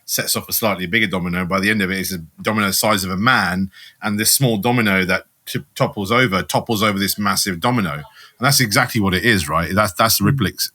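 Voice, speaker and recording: A man's voice: sits low, pushed and bright, no echo. A man co-hosting a podcast, talking in a casual, rambling way. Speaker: podcast co-host.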